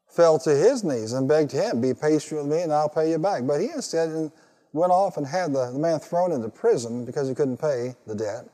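A man's voice: on the high side, mellow. A male pastor preaching a sermon and calling for responses from the congregation, rising to emphatic peaks. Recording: reverberant hall.

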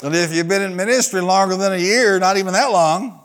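A man's voice: sits high, a little fast, fairly bright tone, a faint crowd, a little hiss or hum. A pastor preaching a sermon in a church. He asks the congregation to answer back and acts out the people in his stories. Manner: preaching with call-and-response to the congregation.

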